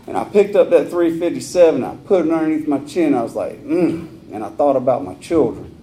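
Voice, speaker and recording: Man, speaker sharing his recovery story, candid and earthy, mellow mid-pitched voice, faint background noise. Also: animated, a little fast. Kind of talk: personal recovery story at a meeting. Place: meeting hall.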